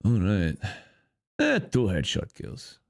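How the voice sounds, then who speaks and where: A man's voice: lowish voice, wildly swooping pitch, slow, vocal fry, no room sound, studio quality, pitched below the performer's own voice, heavily acted. A man voicing a boastful male Russian bear mercenary in broken English with a put-on Russian accent, talking about himself in the third person during a gaming session. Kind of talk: gaming commentary skit.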